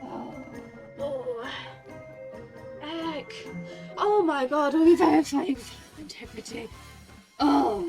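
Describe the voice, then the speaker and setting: High-voiced chatty woman. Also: slow pace, long pauses, faint music behind. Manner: chatty, rambling, bursts into excited exclamations. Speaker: streamer. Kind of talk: casual gameplay chatter.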